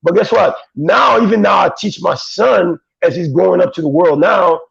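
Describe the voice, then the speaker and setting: A man's voice: high voice, normal speed, vocal fry, a bit bright, breathy edge. A male guest in casual chat, telling stories in blunt, profane street talk. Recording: dull, dry lo-fi sound.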